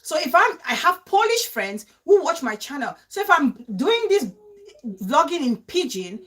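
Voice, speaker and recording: Emphatic Cameroonian woman, high lively voice. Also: moderate pace. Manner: emphatic, repeats points as rhetorical questions. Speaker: vlogger hosting a live stream. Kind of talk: live-stream vlog, reading viewer comments.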